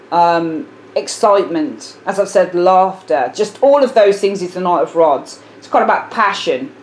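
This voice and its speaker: A woman's voice: lowish voice, a little mellow, a little hiss or hum. A woman with a British accent giving a casual tarot reading to camera, musing aloud and often repeating herself with fillers. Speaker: tarot reader.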